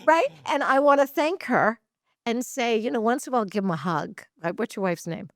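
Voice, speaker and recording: A woman therapist from Massachusetts, a guest on a podcast, who talks in an animated, laughing way and tells stories with enthusiasm. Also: a little high, fairly quick. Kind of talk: casual podcast interview.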